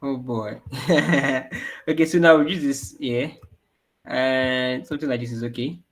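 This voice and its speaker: Measured and mid-range in voice, this programming teacher leads an online coding class for children, repeating his questions for the kids and then supplying the answers himself.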